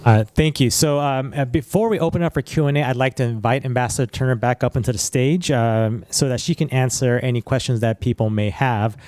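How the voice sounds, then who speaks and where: A man's voice: mid-range voice, fairly even intonation, fairly quick, hardly any pauses, a little mellow, dry recording. Man, moderator, organized, uh-um fillers, dry recording. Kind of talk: moderating a panel.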